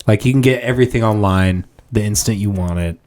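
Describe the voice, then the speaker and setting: A man's voice: fairly low pitch, fairly quick, darkish tone, slight background noise. A man hosting a podcast in casual studio chat, rambling loosely with lots of fillers and crude jokes. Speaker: podcast host.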